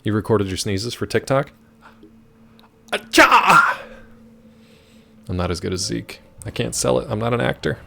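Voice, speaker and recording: A man's voice: mid-range voice, vocal fry. A man streaming a video game live, chatting casually and answering his chat with wry asides.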